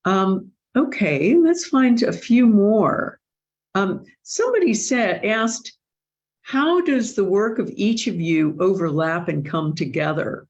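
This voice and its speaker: A woman's voice: mid-range voice, expressive, slow, darkish tone, highs cut off. A woman hosting an online question-and-answer session, speaking in an earnest, thoughtful way with frequent restarts. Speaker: host. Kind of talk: live online Q&A discussion.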